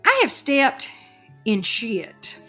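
Animated woman telling a story. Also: on the high side, extremely slow, breathy edge, soft background music. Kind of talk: casual storytelling chat.

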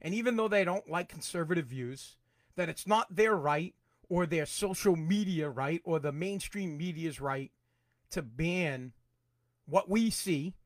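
A man hosting his own podcast, ranting angrily about politics, swearing and repeating himself, at times breaking into shouts. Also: a little high, unhurried, no room sound, studio quality. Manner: angry, profane, repetitive, shouts in bursts. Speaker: podcast host. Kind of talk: political rant.

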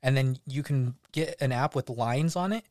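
A man's voice: mid-range voice, moderate pace, darkish tone, no echo, studio quality. A man co-hosting a casual podcast, playful and laughing often, slipping into silly voices for his stories. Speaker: podcast co-host. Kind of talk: casual chat.

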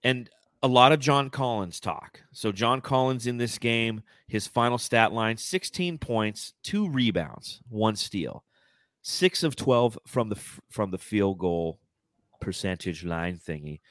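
A man's voice: on the low side, expressive, unhurried, a bit bright, no echo, studio quality. A man hosting a casual sports podcast, reading out fan comments and laughing often. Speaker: podcast host.

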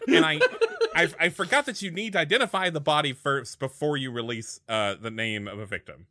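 A man's voice: a little high, fairly quick, no echo, studio quality. A man playing in a tabletop role-play, speaking in character in an exasperated way. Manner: exasperated, lively, laughing often. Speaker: player.

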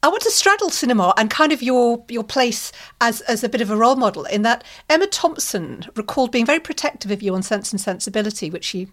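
A woman interviewer asking measured, composed questions in an arts interview. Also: medium pitch.

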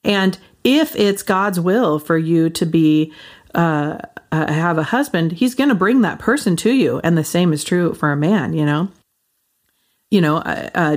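A woman in her forties hosting a casual faith podcast, rambling with lots of fillers and frequent laughs. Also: sits low. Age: 40s. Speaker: podcast host.

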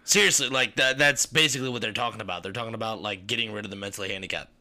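A man's voice: on the low side, rapid-fire, bright, forceful tone. A man co-hosting a podcast, rambling in casual chat, swearing a lot and laughing at his own jokes. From German heritage. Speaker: podcast co-host.

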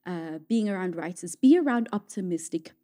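A woman's voice: on the low side, lively intonation, normal speed, dark tone. A young woman, a singer-songwriter from South Africa, chatting in an interview, laughing often and searching for her words. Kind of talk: casual interview chat.

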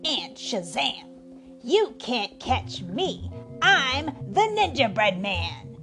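Donna che fa un omino di pan di zenzero ninja spavaldo. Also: female voice, a little high, very animated, very slow, over music, full character voice. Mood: taunting. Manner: chanting a bouncy taunting refrain. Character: boastful cocky gingerbread ninja boy.

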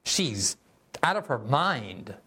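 A man's voice: medium pitch, sing-song, takes it slowly, pushed and bright, husky. Sardonic male political commentator. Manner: sardonic, mocking, conversational. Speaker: host.

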